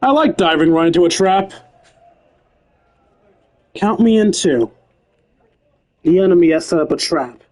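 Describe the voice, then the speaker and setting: A man's voice: high-pitched, animated, a little slow, long pauses, a little mellow, low-quality recording. Chatty man streaming a game. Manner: chatty, explaining lore to viewers. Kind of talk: casual game commentary.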